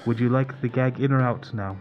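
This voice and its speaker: A man's voice: medium pitch, fairly even intonation, a little fast, soft background music, natural voice. Brief: man doing a polite, menacing torturer doctor, dull lo-fi sound. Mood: calm menace. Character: sinister calm male surgeon who tortures captives.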